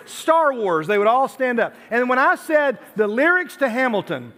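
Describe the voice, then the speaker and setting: A man's voice: very high-pitched, sing-song, brisk, hardly any pauses, bright, forceful tone. A man from Tennessee giving a youth sermon, chatty and storytelling, with self-deprecating asides. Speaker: youth pastor.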